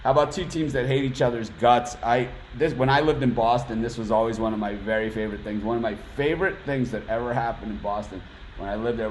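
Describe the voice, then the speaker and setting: A man's voice: medium pitch, fairly even intonation, fast, slight background noise, rough recording. A man hosting a casual sports betting chat, telling jokey stories between picks. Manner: chatty, jokey storyteller. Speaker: host.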